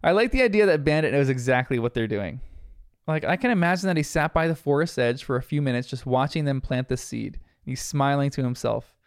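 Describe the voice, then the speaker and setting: Young man, casual episode recap, chatty fillers, smooth voice, dry close sound. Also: mid-range voice, animated, fairly quick, no room sound. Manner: reflective and chatty, with many fillers. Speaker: episode reviewer.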